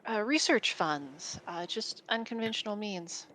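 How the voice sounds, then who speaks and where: A woman's voice: mid-range voice, expressive, unhurried, bright, forceful tone. A woman playing in a tabletop game who hesitates and uses many fillers. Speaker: player.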